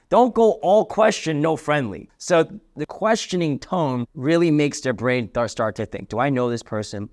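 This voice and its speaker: A man's voice: fairly high pitch, expressive, moderate pace, hardly any pauses, a little mellow. A young man leads a sales training session with energy and emphasis. He keeps acting out sample cold call lines to show tone.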